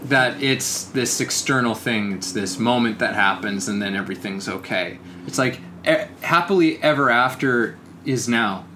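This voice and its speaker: A man's voice: mid-range voice, normal speed, few pauses, background noise. A man co-hosting a podcast, musing in casual chat with many restarts and "you know"s. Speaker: podcast co-host.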